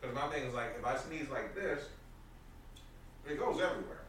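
A man's voice: mid-range voice, moderate pace, far from the mic. A man chatting casually on a podcast, telling stories with lots of slang and laughter. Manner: animated, laughing storyteller, heavy slang. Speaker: podcast co-host. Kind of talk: casual chat. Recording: very echoey room, off-mic, faint noise.

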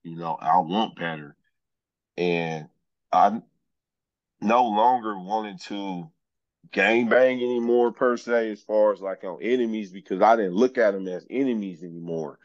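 This podcast guest, a journeyman lineman, talks through his life at a measured pace in a fairly low voice, easygoing and straightforward, frequently saying "man." It's a casual storytelling interview captured as a dry, lo-fi recording.

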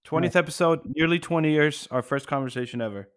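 A man's voice: fairly high pitch, quick pace, dry recording, clean studio sound. A man co-hosting a podcast in easygoing casual chat. He mostly chimes in with short agreeing remarks. Now and then he steers the talk along. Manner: relaxed, brief agreeing interjections. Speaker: podcast co-host.

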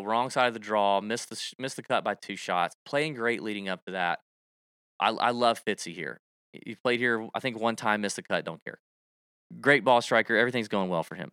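A man co-hosting a casual podcast, animated, with goofy sound effects and exasperated rants. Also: mid-range voice, clear, resonant tone, no room sound, studio quality. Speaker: podcast co-host. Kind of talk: casual chat about golf picks.

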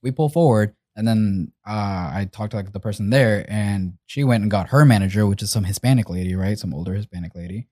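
Fast-talking man telling a profane story. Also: lowish voice, mellow, dry recording, studio quality. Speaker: storyteller among friends. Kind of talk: casual chat.

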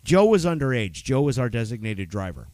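A man's voice: medium pitch, big pitch swings, a little fast, a little mellow. A man co-hosts a casual podcast, rambling and swearing freely. His voice rises and falls a lot as he talks. The sound is dry and close, with no room echo. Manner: loose, profane, rambling storyteller. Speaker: podcast co-host. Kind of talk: casual chat.

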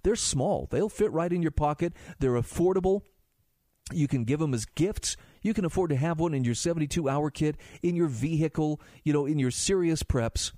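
A man's voice: fairly high pitch, normal speed, mellow, no echo, studio quality. A man hosting a talk radio show, reading articles aloud and adding his own asides in a conversational way. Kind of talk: talk radio monologue and ad read.

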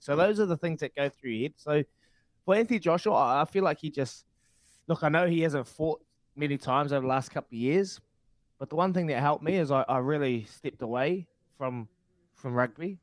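A man's voice: a little high, fairly quick, dry recording. A man co-hosting a casual sports chat, speaking reflectively and repeating himself as he searches for words. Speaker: co-host.

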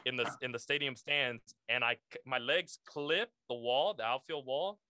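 A man's voice: medium pitch, a little slow, bright, forceful tone, a little hiss or hum. A young man, a podcast guest, telling a casual story full of slang and swearing, calling the listener "bro".

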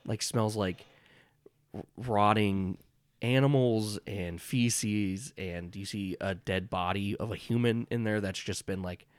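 A man's voice: fairly low pitch, no room sound. A man narrating a tabletop horror game as game master, in a loose, rambling way with many fillers.

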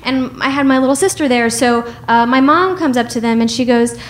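A woman's voice: sits high, a little fast. A woman from the United States telling a personal story with wry humor and frequent laughs.

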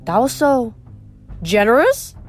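A woman reading aloud, voicing a nervous, excitable young satyr with jumpy outbursts. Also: a little high, slow pace, soft background music, heavily acted. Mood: indignant.

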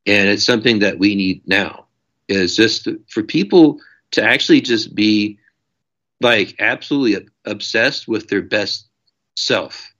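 A man's voice: on the low side, a little slow, a bit bright. A man, an author, talking through his ideas in a passionate, discursive way in a casual interview. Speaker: author guest. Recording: dull lo-fi audio.

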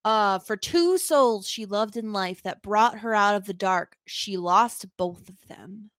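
A woman co-hosting a TV recap podcast in casual chat, telling the story with animated emphasis. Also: mid-range voice, slow, dry recording, studio quality. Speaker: podcast co-host.

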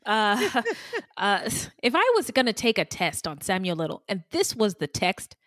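A woman co-hosting a true-crime podcast, chatty and animated, tossing in quips and asides. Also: medium pitch, measured pace, dry recording, clean studio sound. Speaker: podcast co-host.

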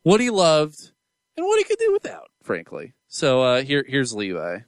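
A young adult man hosting a casual podcast, excitable and quick to laugh. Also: mid-range voice, no echo, clean studio sound. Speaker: podcast host.

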